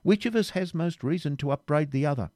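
A man's voice: medium pitch, animated, moderate pace, a little mellow, dry recording, clean studio sound, lightly acted. A man reading aloud, voicing a bold, jesting medieval king with a hearty, commanding manner. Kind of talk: audiobook reading.

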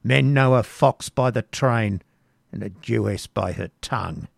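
A man's voice: medium pitch, unhurried, vocal fry, dry recording, studio quality. A man putting on a spiteful old hag. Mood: scornful. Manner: muttering, scornful.

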